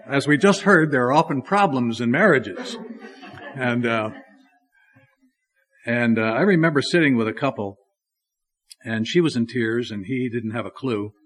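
A man's voice: mid-range voice, fairly bright tone. A male pastor giving a sermon, telling stories at an easy pace with frequent fillers. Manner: unhurried storytelling with many fillers.

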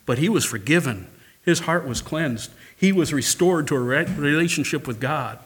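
A male pastor preaches with emphatic, repeated phrases. His voice is husky and sits a little high for a man. He calls out for amens from the congregation. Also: lively intonation, moderate pace, fairly bright tone. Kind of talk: sermon.

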